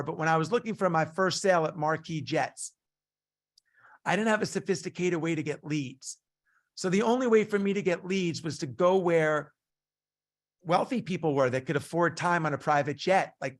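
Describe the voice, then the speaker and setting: Animated man telling a sales story. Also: a little high. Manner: storytelling, punchy and animated, acts out dialogue. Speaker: business coach. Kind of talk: online coaching session.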